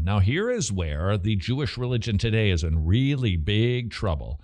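A man's voice: lowish voice, big pitch swings, normal speed, hardly any pauses, a little mellow. A man hosting a talk radio show, answering listener questions emphatically and using plenty of rhetorical questions.

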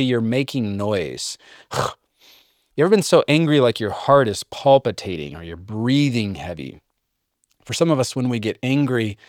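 A man's voice: mid-range voice, dry recording. Casual middle-aged man teaching, dry sound. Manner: conversational, quotes scripture, self-deprecating humor. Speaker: podcast host and biblical counselor. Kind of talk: casual teaching podcast talk.

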